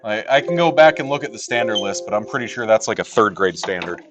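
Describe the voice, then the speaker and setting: A man's voice: fairly low pitch, lively intonation, quick pace, over music. A male math teacher teaching a class in a classroom, joking with students and asking rhetorical questions.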